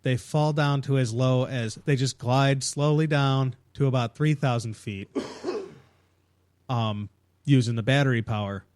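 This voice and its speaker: A man co-hosting a podcast works through facts in casual conversation, often restarting his sentences as he finds the words. His pitch sits in the middle for a man. The recording is dry and close, with almost no room sound. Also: fairly even intonation, unhurried, darkish tone, clear, resonant tone, no echo. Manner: explains facts with frequent restarts. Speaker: podcast co-host. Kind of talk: casual chat.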